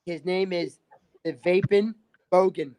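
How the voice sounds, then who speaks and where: A man's voice: high voice, fairly even intonation, unhurried, noisy background. A man telling a rambling story in casual chat, restarting phrases and filling with "like". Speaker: livestream guest.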